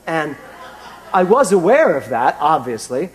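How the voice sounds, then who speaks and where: A man's voice: on the high side, very animated, unhurried, a faint crowd. A British man in his fifties giving a conversational, self-mocking sermon from the pulpit. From Britain. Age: 50s. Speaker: minister. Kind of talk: sermon with personal anecdote.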